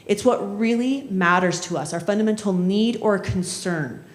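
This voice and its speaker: A woman trainer talks a workshop group through conflict skills in a loose, conversational way. She tosses in "right?" as she goes. Her voice sits at a middle pitch and bounces around a fairly reverberant room. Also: moderate pace. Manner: conversational, often adds "right?" and acts out quoted voices. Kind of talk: workshop lecture with storytelling. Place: municipal training session room. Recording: echoey room.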